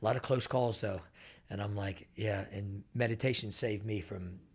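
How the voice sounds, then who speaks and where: A man's voice: on the low side, normal speed, creaky, slightly rough. A middle-aged man answering interview questions casually, telling stories and acting out the people he quotes. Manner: animated storyteller, acts out quoted people. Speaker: interview guest.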